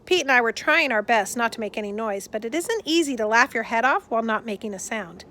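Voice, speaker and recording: A woman narrating a chapter book aloud in a steady, expressive reading. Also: on the high side, a little fast. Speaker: audiobook narrator. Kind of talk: scripted storybook narration.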